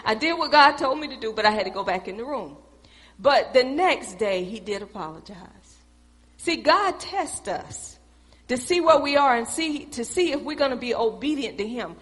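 A woman's voice: fairly high pitch, expressive, normal speed. Emphatic woman preacher in an echoey church. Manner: conversational, emphatic, addresses the congregation directly. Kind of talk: sermon.

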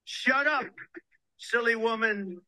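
A vicious, mocking snake speaks in slow recited verse, voiced by a man reading a poem. The voice sits high and very bright. Each line is drawn out and the sound is dry. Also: dry recording, exaggerated voice.

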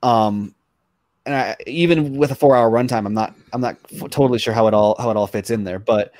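A man's voice: mid-range voice, brisk, a little mellow, dry recording, clean studio sound. A man on a podcast panel, rambling in casual chat with lots of "um" and "like". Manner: rambling, full of "um" and "like".

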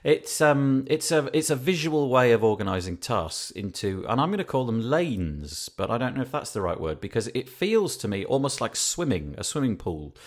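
A middle-aged man with a Northern English accent, hosting a podcast interview in a chatty, animated way and laughing easily. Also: mid-range voice, moderate pace, few pauses. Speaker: podcast host.

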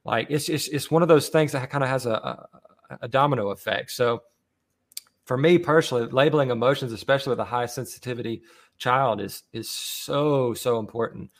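A man's voice: mid-range voice, brisk. Earnest man leading a podcast talk. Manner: earnest, many fillers and repeated words. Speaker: podcast host leading discussion. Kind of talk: casual podcast discussion.

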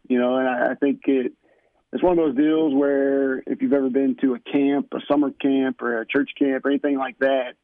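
A young man, a college basketball coach, calling in as a radio guest and telling stories in a relaxed, chatty way. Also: medium pitch, vocal fry, dry recording. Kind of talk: phone-in radio interview. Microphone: phone. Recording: tinny dry phone line.

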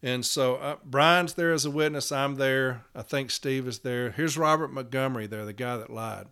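A man's voice: mid-range voice, normal speed, a bit bright, clean tone. A man telling a work story in a casual podcast as a union representative, blunt and emphatic, swearing freely.

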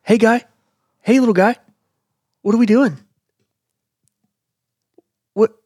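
A man doing a loud, repetitive celebrity impression of an amped grown man with a Boston accent, calling out to a little buddy. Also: high-pitched, takes it slowly, husky, dry recording, studio quality, pitched above the performer's own voice, exaggerated voice.

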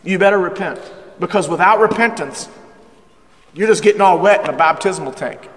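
Bright, energetic middle-aged male pastor. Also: high-pitched, in a large hall. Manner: energetic, humorous, emphatic preaching, slowing down for scripture. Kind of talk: sermon. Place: church.

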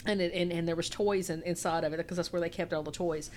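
A woman's voice: fairly low pitch, fast talker, slight background noise. A middle-aged woman co-hosting a podcast, telling family stories in a casual chat and laughing often. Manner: animated storytelling, breaks into laughter. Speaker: podcast co-host.

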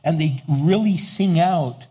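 Preacher guy, kinda high and husky, acts out bits and laughs a lot, big hall echo. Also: slow pace. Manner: animated, acts out little dialogues, laughs often. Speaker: pastor. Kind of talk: sermon. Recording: long hall reverb.

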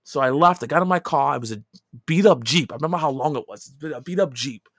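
A middle-aged man casually telling a long personal story, dropping to quiet asides and rising to loud, emphatic lines. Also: on the high side, lively intonation, fast, no room sound, clean studio sound. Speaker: podcast co-host telling a story.

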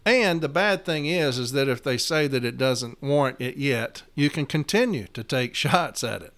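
A man's voice: medium pitch, lively intonation, normal speed, fairly bright tone. A man hosting an episode, earnestly explaining a labor arbitration decision and reading contract language aloud with emphasis. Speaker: union steward and podcast host.

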